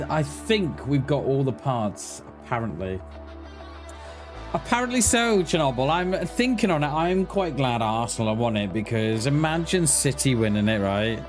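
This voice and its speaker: A man's voice: medium pitch, lively intonation, a little slow, over music. A man casually chatting to viewers as he plays a survival game, greeting them by name and thinking aloud. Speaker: streamer playing a survival game. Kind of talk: casual live-stream chat.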